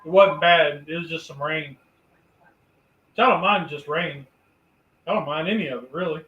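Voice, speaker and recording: A man's voice: a little high, normal speed, lo-fi sound. A man chatting casually in an easygoing way about weather and everyday life. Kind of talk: casual chat. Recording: roomy distant mic with faint noise.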